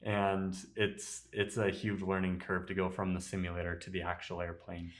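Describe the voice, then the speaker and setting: Man, very low voice, casual podcast chat, relaxed storytelling, laughs easily. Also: moderate pace. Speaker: podcast host, airline pilot.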